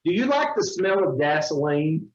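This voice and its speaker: A man with an Oklahoma accent interviewing a coworker with quick-fire questions, joking and laughing often. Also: fairly high pitch, big pitch swings. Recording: roomy, dull lo-fi sound.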